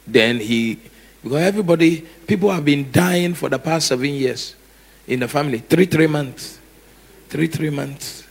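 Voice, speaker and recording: Husky, gravelly preacher. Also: male voice, fairly high pitch, moderate pace. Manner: animated, acts out scenes with shouts and laughter. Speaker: pastor. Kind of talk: sermon.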